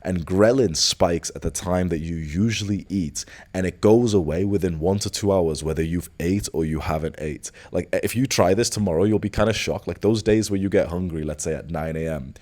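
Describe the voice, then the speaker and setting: A young man with a deep, low-pitched voice talks in a casual motivational monologue. He is blunt and profane, leaning on "like" as filler and firing off rhetorical questions. He speaks as a self-improvement coach lecturing his listeners. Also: moderate pace, a little mellow.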